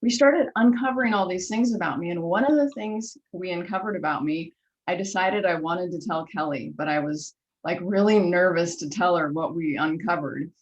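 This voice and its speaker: A woman's voice: lowish voice, normal speed, highs cut off. A woman hosting an interview, telling stories with enthusiasm and acting out dialogue. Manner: enthusiastic storyteller, acts out dialogue. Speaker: host. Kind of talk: conversational interview.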